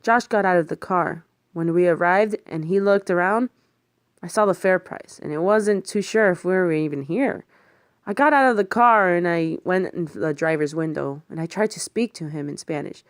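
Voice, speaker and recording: Recorded in a studio with no echo, this audiobook narrator reads a first-person thriller at normal speed in a voice on the low side. She performs the other characters' voices herself and swears in lively moments as the story heats up.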